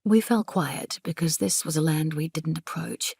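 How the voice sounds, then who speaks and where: A woman reading a novel aloud in measured, intimate first-person narration on a close studio mic. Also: low voice, creaky, a little mellow, husky, dry recording. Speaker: audiobook narrator.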